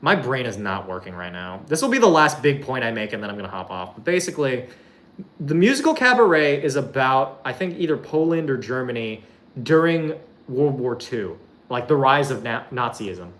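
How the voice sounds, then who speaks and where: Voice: mid-range voice, big pitch swings, moderate pace, fairly bright tone. A streamer chatting casually to their viewers, rambling, swearing often and filling every sentence with "like". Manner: laughs while describing a clip. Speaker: streamer talking to chat.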